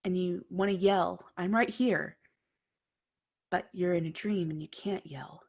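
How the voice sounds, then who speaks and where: A woman narrating a tabletop horror game as game master, often dropping to a hushed whisper. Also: fairly low pitch, steady tone, normal speed, vocal fry, slightly rough. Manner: hushed, dreamy storytelling that drops to whispers.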